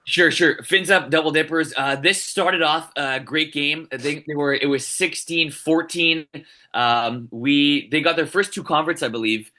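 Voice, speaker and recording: A man co-hosting a casual recreational football league show, excitable and often ending remarks with "eh". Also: on the high side, unhurried. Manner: excitable, tags sentences with "eh". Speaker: co-host. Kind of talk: casual sports league chat.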